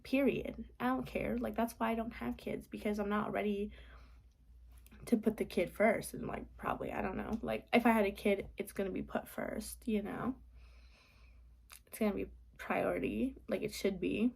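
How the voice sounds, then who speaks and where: A woman's voice: mid-range voice, steady tone, normal speed, vocal fry, darkish tone, breathy edge. A young woman venting casually in a late-night vlog from her apartment, rambling with lots of "like" and sometimes dropping to a whisper. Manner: rambling, frequent "like", drops to whispers. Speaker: vlogger.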